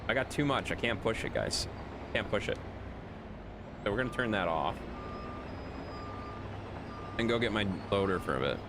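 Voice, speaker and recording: A man with a fairly low voice and a lively, swooping delivery talks his way through a game stream. He banters with viewers, tells them off in mock exasperation, and narrates what he is doing in loose, casual talk. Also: moderate pace, long pauses, background noise. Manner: bantering, scolds and teases chat. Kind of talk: casual live-stream commentary while playing.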